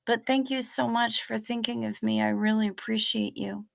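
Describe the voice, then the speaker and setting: A woman's voice: on the high side, steady tone, normal speed, creaky. A woman hosting a casual livestream, greeting viewers by name and chatting in a profane, effusive way. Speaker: livestream host. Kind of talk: casual livestream chat reading viewer comments.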